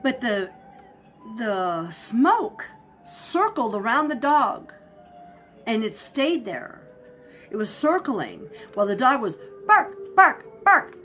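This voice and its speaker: A woman telling a spooky personal story in a casual, animated way, acting out barks and shouts. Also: on the high side, slow pace, long pauses, soft background music. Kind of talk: casual spoken ghost story.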